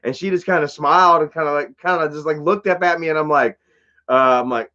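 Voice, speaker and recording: A high-voiced man talks casually to his live stream chat, rambling through a story with plenty of swearing, fillers and restarts. The sound is slightly dull and lo-fi. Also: fast, bright, forceful tone.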